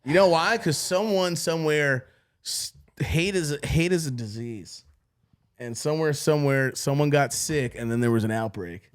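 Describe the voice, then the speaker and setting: A man's voice: on the high side, moderate pace, smooth. A young man co-hosting a podcast, chatting casually with profane jokes. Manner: profane, joking, animated. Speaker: podcast co-host. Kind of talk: casual chat.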